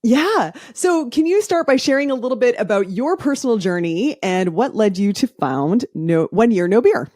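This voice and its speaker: A woman's voice: fairly high pitch, lively intonation, normal speed, few pauses, a little mellow, no echo, studio quality. A woman hosting a podcast, reading an upbeat intro and asking interview questions with emphatic energy. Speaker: podcast host.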